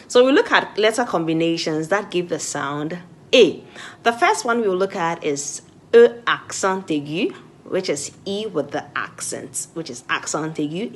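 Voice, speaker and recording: A woman from Ghana teaching French pronunciation, saying each example word twice with clear emphasis. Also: fairly low pitch. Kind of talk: pronunciation lesson.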